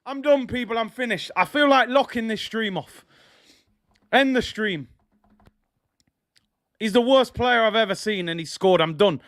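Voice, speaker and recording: A young man hosting a live football watch-along, reacting emotionally and often breaking into frustrated shouting. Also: high voice, a little slow, pauses often, no echo, clean studio sound. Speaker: fan stream host.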